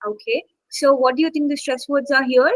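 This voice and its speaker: A woman's voice: sits high, fairly even intonation, fairly quick, no room sound, rough recording. A woman instructor teaching an online English class, coaxing students to take part, with many fillers.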